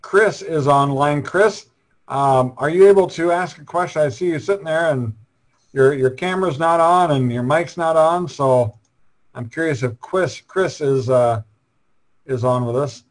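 A man's voice: on the high side, measured pace, rough recording. A man hosting an interview over a video call, prompting guests and repeating his questions. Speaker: show host.

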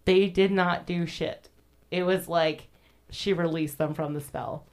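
Young woman, podcast host, casual and profane, low-ish voice, quick to laugh. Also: steady tone, a little mellow. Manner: chatty, profane, laughs often, acts out quotes. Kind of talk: casual true-crime history chat.

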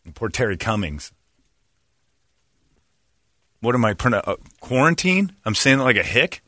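A man co-hosting a podcast, bantering crudely, joking and mocking loudly with frequent laughter. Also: mid-range voice, sing-song, moderate pace, long pauses, no echo, studio quality. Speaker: podcast co-host.

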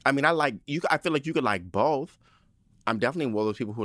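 Animated, profane man ranting. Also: mid-range voice, rapid-fire, dry recording, clean studio sound. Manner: animated, profane, dramatic storytelling with laughter. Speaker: podcast host. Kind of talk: casual solo podcast rant.

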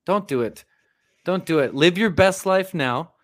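Co-host, middle pitch with big swings, playful, mock-sermon cadence. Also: animated, a little slow. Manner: playful, mock-preacher delivery. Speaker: podcast co-host. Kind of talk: casual live-stream chat.

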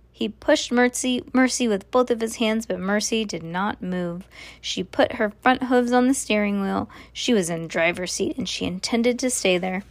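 A woman's voice: mid-range voice, normal speed, dry recording. Woman reading a storybook aloud. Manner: casual asides with fillers. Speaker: parent reading to a child.

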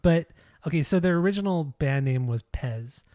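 A man co-hosting a music podcast, talking casually and swearing freely as he argues his opinions. His voice sits a little high with a mellow, relaxed tone. It is recorded dry and close. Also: moderate pace, no echo. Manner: profane, opinionated, blunt. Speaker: podcast co-host. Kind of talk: casual chat.

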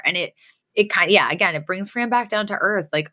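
Bright-voiced chatty woman. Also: medium pitch, fairly quick, no echo. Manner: chatty storytelling, acts out quoted lines. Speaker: podcast co-host recapping a sitcom episode. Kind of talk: casual chat.

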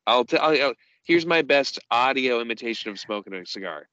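A man co-hosting a podcast, recapping a show in casual chat with dry, deadpan humor. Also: medium pitch, fairly quick, no echo, muffled recording. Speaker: podcast co-host. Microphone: podcast microphone.

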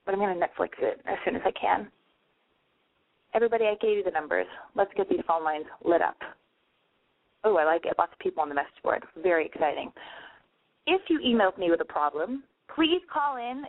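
A woman's voice: mid-range voice, no echo. A young woman hosting a homemade call-in advice show, rambling and cursing freely while mocking herself, her voice a little nasal from smoke. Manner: rambling, profane, self-mocking. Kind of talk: casual call-in radio monologue. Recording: dry, phone-like narrow sound.

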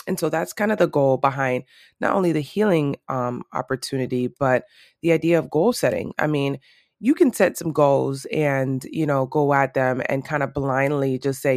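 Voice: mid-range voice, no echo, clean studio sound. A podcast host in a morning voice, talking casually and loosely to listeners with many fillers and restarts. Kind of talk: casual solo podcast talk.

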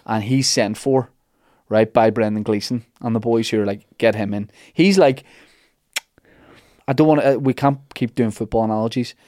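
A man's voice: medium pitch, normal speed, warm tone, dry recording, clean studio sound. A man, hosting a podcast and retelling a myth in a rambling, jokey way full of asides. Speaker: podcast host telling a myth. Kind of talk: casual comic storytelling.

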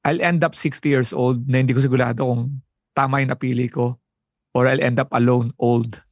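A man with a Filipino accent co-hosting a call-in show, animated and jokey in casual chat. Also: mid-range voice, no echo, clean studio sound. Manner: animated, jokey, talks in quick bursts. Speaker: co-host. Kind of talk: casual chat, mixing Tagalog and English.

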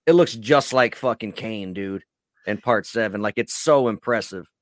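Laid-back, profane podcast host. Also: male voice, on the low side, normal speed, dry recording, clean studio sound. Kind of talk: casual podcast interview.

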